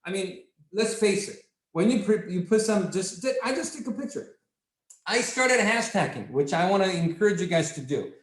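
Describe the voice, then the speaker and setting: A man leading a sales training session, talking in an excitable, repetitive, salesy way. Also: high voice, normal speed. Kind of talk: enthusiastic product training talk. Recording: echoey room.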